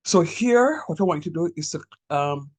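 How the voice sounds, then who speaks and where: Male math lecturer, husky, slightly high voice, patient and encouraging. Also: animated, darkish tone, low-quality recording. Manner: encouraging, repeats key points slowly. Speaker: calculus lecturer.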